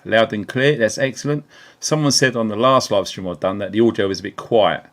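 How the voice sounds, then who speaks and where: A man's voice: on the low side, a little fast. A man from England hosting a casual live stream, upbeat and chatty, greeting viewers by name with lots of ums, into a small desk mic. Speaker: livestream host. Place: indoors at a computer. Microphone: small desk mic on keyboard.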